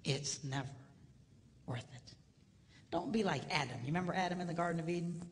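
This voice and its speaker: A male seminar speaker addressing a live audience in a comedic, preacher-like way. He swings from hushed near-whispers to loud, laughing shouts. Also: fairly high pitch, fairly quick. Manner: preacher-like exhortation. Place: large hall before a live audience. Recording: hall reverb with faint noise.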